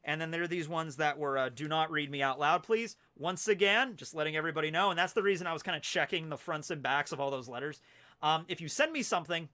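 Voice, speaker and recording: Young guy streaming from home, kinda high bright voice, rambly and chatty. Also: lively intonation, fast talker. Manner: rambling, loose and chatty with many fillers. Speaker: streamer reading fan mail. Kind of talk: casual livestream chat.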